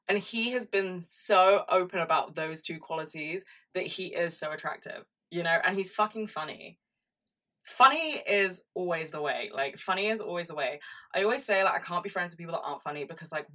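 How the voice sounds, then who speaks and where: A woman's voice: lowish voice, sharp tone, far from the mic. A young woman hosting a podcast, speaking in a frank, chatty monologue full of "like" and swearing. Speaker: podcast host. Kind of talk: casual monologue on pop culture.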